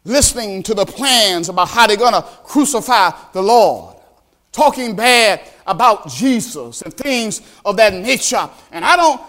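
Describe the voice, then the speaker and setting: A male pastor preaching a sermon, animated, asking the congregation questions directly. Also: high voice, measured pace.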